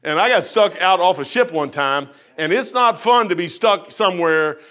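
A middle-aged preacher man with a high, bright voice, spinning a folksy sermon story. His grammar is casual and homespun, and he talks with lively animation, sometimes dropping low and sometimes rising. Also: normal speed.

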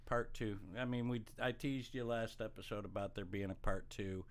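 Smooth low-voiced man telling jokes. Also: steady tone, normal speed. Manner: jokey, self-deprecating, acts out voices in stories. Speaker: podcast co-host telling life stories. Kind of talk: casual storytelling chat.

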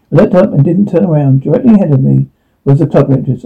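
A man's voice: fairly high pitch, fast talker, creaky, slightly rough. A man telling a rueful first-person story from his youth, self-deprecating in tone. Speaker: narrator. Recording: tinny phone-like line.

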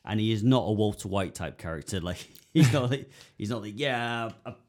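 A man's voice: lowish voice, animated, a little fast, darkish tone. A man co-hosting a casual chat, rambling with many fillers and putting on voices to act out scenes. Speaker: podcast co-host.

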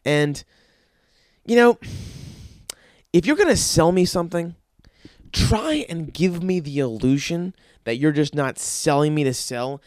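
Profane, rambling young podcast host. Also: male voice, on the high side, animated, a little slow, darkish tone, no room sound, studio quality. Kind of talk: casual solo podcast rant.

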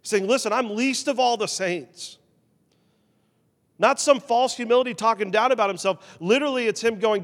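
A man preaching a sermon as pastor, animated, swinging between loud emphasis and quiet, confessional asides. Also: very high-pitched, moderate pace, long reverb tail.

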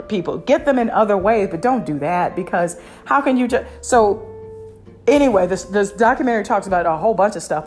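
A woman's voice: medium pitch, darkish tone. A woman hosting a podcast in casual chat, candid and opinionated, with frequent fillers and restarts. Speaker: podcast host.

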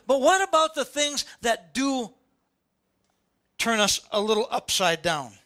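Bright-voiced older pastor preaching. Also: male voice, very high-pitched, expressive, measured pace. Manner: preaching with rising emphatic questions. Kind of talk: sermon. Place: church sanctuary before a congregation.

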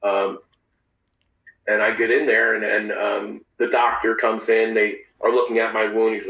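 A man recounting his own past in an interview, speaking candidly and haltingly, with frequent profanity and restarts. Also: on the low side, little pitch movement, vocal fry, sharp tone. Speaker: interview guest. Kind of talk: personal storytelling in a podcast interview. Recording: roomy, distant mic.

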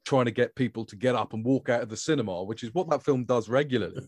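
A man's voice: medium pitch, fast, darkish tone, no echo. Chatty man on a film podcast. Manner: chatty, with frequent restarts. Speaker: podcast host. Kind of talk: casual film discussion, reading aloud from a novel.

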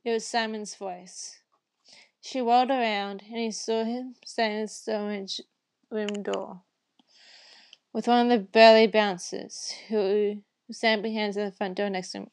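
A woman reads a novel chapter aloud at an unhurried pace. Her voice has a slightly gravelly texture. She reads casually, now and then stumbling and correcting herself. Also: medium pitch, steady tone, darkish tone. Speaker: reader.

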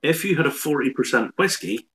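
A man, a whiskey expert on a live online show, explaining in a measured way with dry humour. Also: fairly high pitch, lively intonation, gravelly, pushed and bright.

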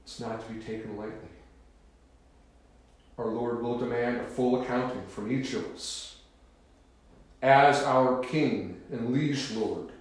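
A man preaching a sermon in a solemn, emphatic, deliberate manner, pausing to stress key words, in a church. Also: medium pitch. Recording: very echoey room.

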